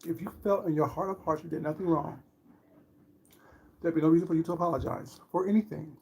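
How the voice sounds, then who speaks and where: A woman's voice: sits low, steady tone, fast, darkish tone, slight background noise. A woman on a livestream, commenting on online drama with sarcastic rhetorical questions. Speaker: streamer.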